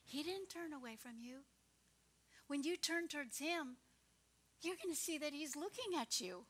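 Woman pastor, bright, fairly high voice; earnest sermon delivery with hushed asides and fervent prayer. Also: lively intonation, moderate pace. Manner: earnest, swings from soft whispers to fervent prayer.

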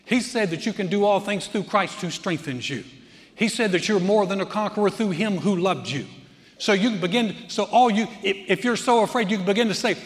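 A pastor in full sermon mode preaches with animation at a moderate pace, his high, slightly bright voice carrying through a large hall with a long reverb tail. He leans hard on repeated phrases to drive each point home.

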